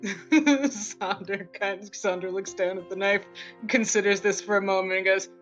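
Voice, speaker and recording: A woman's voice: mid-range voice, fairly even intonation, unhurried, soft background music. A woman narrating her character in a tabletop role-play game, giggling often. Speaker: player.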